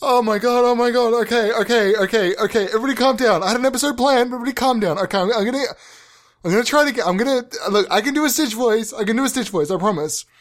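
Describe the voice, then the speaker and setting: A man's voice: very high-pitched, rapid-fire. A man hosting a comedy show, rambling about his character voices and getting flustered, often laughing at himself. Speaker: comedy podcast host.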